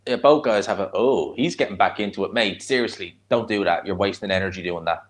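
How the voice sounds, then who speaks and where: A man from Ireland with a Dublin accent talks briskly in a lowish voice while hosting a live watch-along. He offers casual fight commentary and chats with viewers, blunt and rambling, answering chat between reactions.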